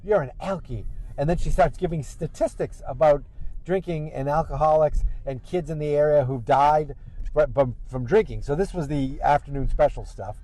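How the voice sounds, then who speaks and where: Guy rambling thru a show recap from his car, voice on the higher side, casual. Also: normal speed, warm tone, poor audio. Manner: rambling, acts out quotes in raised voices. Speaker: podcast host. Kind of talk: casual recap talk while driving.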